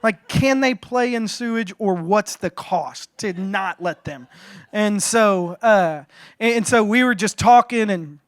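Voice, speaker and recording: High-voiced pastor telling a joking story. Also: male voice, a little slow, dry recording. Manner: animated, joking, frequent restarts. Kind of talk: sermon storytelling.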